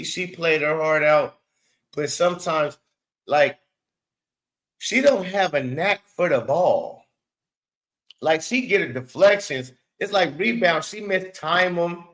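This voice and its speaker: A man's voice: on the high side, fairly bright tone, rough recording. A man hosting his own show, giving casual basketball commentary in blunt, profane, exasperated rants and repeating words for emphasis. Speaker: sports show host.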